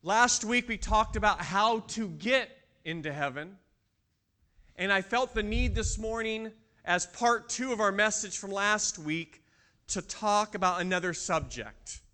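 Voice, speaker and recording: A man delivers a sermon in a church, his voice pitched high. He tells a story and keeps putting questions to the congregation. His tone is bright and ringing. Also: unhurried. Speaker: pastor.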